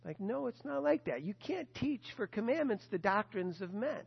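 A man delivers a sermon in a fairly high voice, telling stories with lively animation and briefly voicing the people he quotes. The sound is a little dull and muffled, and a long echo trails behind him as if he is preaching in a large church hall. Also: normal speed, vocal fry, husky. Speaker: pastor.

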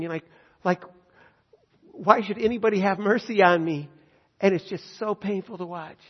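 A man preaching a sermon, earnest and emphatic, slowing down on key phrases. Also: high voice. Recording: dull sound with long hall reverb.

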